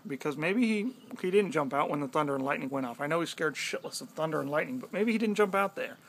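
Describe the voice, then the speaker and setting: Young guy, gravelly and a bit high, animated storyteller who swears casually. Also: fast talker, few pauses, slight background noise. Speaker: vlogger.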